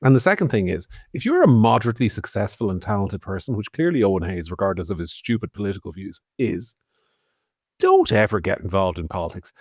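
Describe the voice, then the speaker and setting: An Irish man co-hosting a podcast delivers opinionated political commentary, sardonic and full of swearing, his volume swinging between loud and soft. His voice is on the low side with lively intonation and a brisk pace. The studio-quality recording has no room sound.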